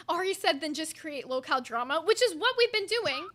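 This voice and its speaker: A woman's voice: extremely high pitch, sing-song, normal speed, pushed and bright. A woman hosting a livestream chat, talking bluntly and swearing often while reading viewer comments. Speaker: show host.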